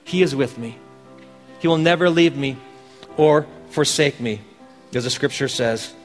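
A man's voice: mid-range voice, measured pace, big-room sound, faint music behind. A man preaching a sermon as pastor, earnest, pressing his points with emphatic questions.

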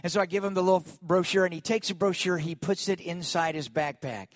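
A man preaching a sermon, telling a personal story in a lively way and calling on the congregation to respond. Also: high voice, fairly quick, no echo, studio quality. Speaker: pastor.

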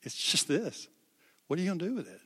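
A man's voice: fairly high pitch, wildly swooping pitch, a little fast, pushed and bright, husky. A male preacher giving an impassioned sermon, repeating phrases for emphasis. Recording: long hall reverb.

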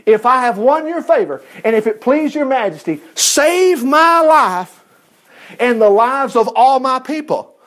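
A man's voice: very high voice, expressive, normal speed, pitched above the performer's own voice. A man voicing a brave young queen who pleads in an earnest, raised voice. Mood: pleading.

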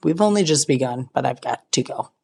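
A woman's voice: very deep voice, animated, a little fast, warm tone, slightly rough. A young woman hosting a podcast, telling a funny personal story with self-mocking, dramatic asides. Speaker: podcast host. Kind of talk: casual storytelling.

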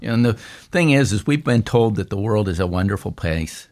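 A man, a pastor, talking through a psalm in a casual discussion, with many restarts and fillers that lift into animated quotes. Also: lowish voice, moderate pace.

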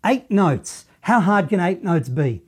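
A man's voice: high-pitched, very animated, unhurried, darkish tone, husky. A man with an Australian accent teaching saxophone, chatty and encouraging, with some self-deprecating humor. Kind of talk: play-along music lesson.

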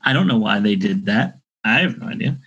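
A man from South Florida, co-hosting a podcast and telling stories in relaxed, casual chat. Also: fairly low pitch, fairly quick, breathy edge, muffled recording. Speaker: podcast co-host.

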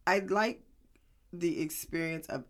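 A woman's voice: lowish voice, slow pace, heavy background noise. A woman in a casual chat, telling her story with lots of laughter. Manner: animated storyteller, laughing often.

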